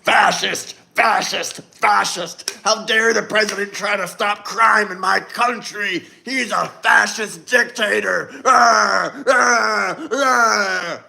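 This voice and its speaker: A man's voice: sits high, fairly even intonation, slow, creaky, few pauses, bright, forceful tone, full character voice. A young man putting on the voice of a hysterical protester who shrieks accusations and wails. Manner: shrieking, wailing.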